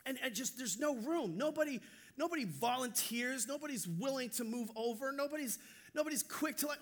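Pastor guy preaching, jokey animated storytelling, really high voice. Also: brisk. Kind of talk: sermon.

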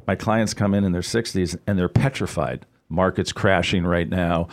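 A middle-aged man, a guest on a radio talk show, telling stories in a casual, animated way and acting out the people he quotes. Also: sits low, normal speed. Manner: animated storyteller, acts out quoted voices. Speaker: guest, financial advisor.

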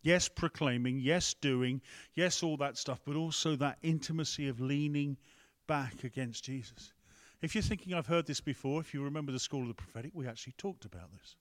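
A man's voice: medium pitch, fairly quick. A man preaching a conversational sermon, breaking off to ask the room and the tech team for help. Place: church hall with a screen.

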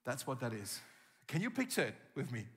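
A man preaching a sermon as pastor, telling the story vividly and acting out scenes with gasps and shouts. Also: mid-range voice, huge pitch swings, brisk, husky. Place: church hall. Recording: long reverb from a church hall.

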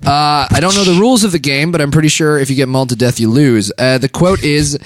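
A man's voice: a little high, fast, slight background noise. A man co-hosting a comedic podcast, reading odd news stories and joking around with a lot of laughter. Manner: jokey, laughs a lot, lively ups and downs.

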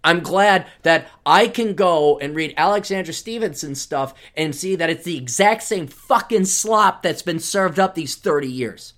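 A male podcast host reading an article aloud and tearing into it with sarcastic commentary. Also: fairly bright tone. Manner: sarcastic, mocking, voice jumps high when indignant.

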